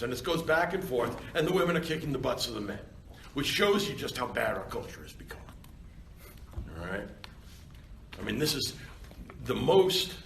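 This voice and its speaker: A male university lecturer giving a seminar lecture in an animated, conversational way, often checking in with his students. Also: medium pitch, recorded from a distance. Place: seminar classroom. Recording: roomy classroom with faint background noise.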